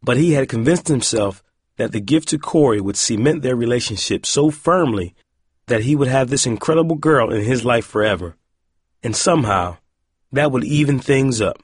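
A man narrates a novel in a lively, expressive reading voice. His tone is husky, and his pitch moves a lot. The recording is dry and close. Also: no echo. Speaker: audiobook narrator. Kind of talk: scripted narration.

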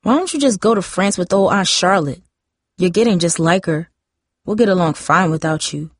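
A woman reading a novel aloud, voicing a guarded older teenage sister who speaks low, subdued and tired. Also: normal speed, no room sound, clean studio sound, natural voice. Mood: irritated.

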